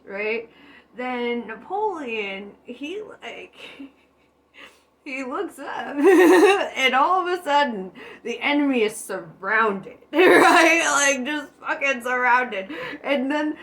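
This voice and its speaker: Woman vlogging, giggly and rambling, swears a lot, slowish pace, slightly high voice. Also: fairly bright tone. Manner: giggly, swearing, loses her train of thought. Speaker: spiritual vlogger. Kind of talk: rambling casual monologue.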